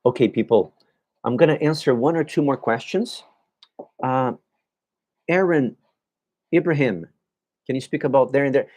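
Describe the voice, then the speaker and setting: A man teaching an English class live, answering viewers' questions by name and sounding words out slowly. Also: medium pitch, a little mellow. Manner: models pronunciation of words slowly. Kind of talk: live-streamed language lesson.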